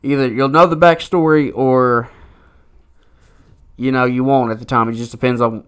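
A man's voice: mid-range voice, steady tone, moderate pace, clean tone. A man co-hosting a podcast, telling a rambling story in casual chat, swearing often and filling with "like" and "you know". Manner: rambling, heavy swearing and filler words. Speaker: podcast co-host.

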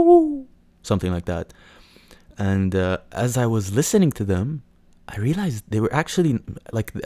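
Low-voiced man rambling on his podcast. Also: dark tone, dry recording. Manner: rambling, swearing, mocking voices. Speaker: podcast host. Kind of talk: casual solo podcast monologue.

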